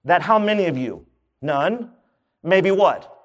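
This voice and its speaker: A man's voice: high-pitched, expressive, slow pace, pauses often. A man preaching a sermon, asking his congregation questions and joking as he goes. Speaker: pastor. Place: church.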